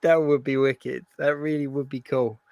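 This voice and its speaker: A man's voice: mid-range voice, level tone, normal speed, a little mellow, no room sound, studio quality. A man co-hosting a casual live stream, easygoing and agreeable, often repeating his phrases. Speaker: co-host.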